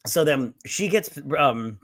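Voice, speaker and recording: A man's voice: medium pitch, animated, slow, fairly bright tone. A man co-hosting a casual movie recap chat, rambling through the plot and acting out lines with swearing. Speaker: podcast co-host.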